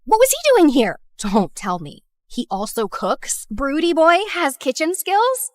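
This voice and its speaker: A cheeky, food-crazy teen schoolgirl, acted by a woman in an animated story. Her voice sits a little high and sounds dramatic, in a dry, close recording. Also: measured pace, no echo, heavily acted.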